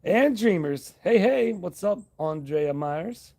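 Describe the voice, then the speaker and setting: A man hosting a casual live stream, rambling in a relaxed, friendly way, reading out viewer comments and thanking them. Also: high-pitched, slow, gravelly.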